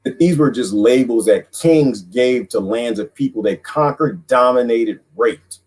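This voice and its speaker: A man hosting a livestream who talks in an animated, mocking way, laughs often, and is losing his voice. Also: medium pitch, a little slow, slightly rough, poor audio. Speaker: livestream host reading viewer comments. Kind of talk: casual livestream monologue.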